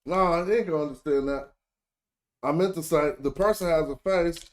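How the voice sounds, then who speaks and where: A man's voice: a little high, moderate pace. Rambling, slangy man tutorial host. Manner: loose, rambling, corrects himself mid-sentence; slangy, chatty address to viewers. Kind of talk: casual screen-share tutorial.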